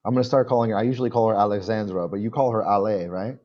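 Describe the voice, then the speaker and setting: A man in his forties teaching English in a relaxed one-on-one video call, repeating words patiently so the student can copy them. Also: on the low side, very fast, lo-fi sound. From United States. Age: 40s. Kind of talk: casual one-on-one lesson.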